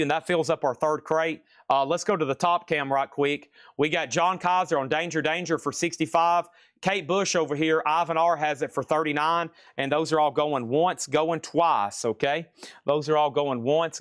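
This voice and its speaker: Brisk man hosting a live record sale. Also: a little high, a bit bright, dry recording, clean studio sound. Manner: brisk, rattles off item lists and prices; casual, chatty asides to viewers. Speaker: live auction host selling vinyl records. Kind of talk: live-stream sales patter.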